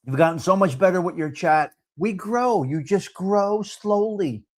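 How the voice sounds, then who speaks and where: Loud chatty guy hosting a live stream, kinda high voice, calls out viewers by name. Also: animated, measured pace. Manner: brash, talkative, mixes in Italian phrases. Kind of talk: casual live stream chat, reading viewer comments.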